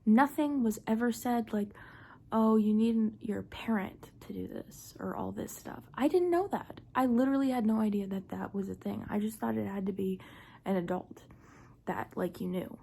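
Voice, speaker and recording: A woman's voice: medium pitch, normal speed, gravelly, a little mellow, slightly rough. A young woman casually telling a personal story, chatty and full of "like", often dropping to a half-whisper. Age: young adult. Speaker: vlogger.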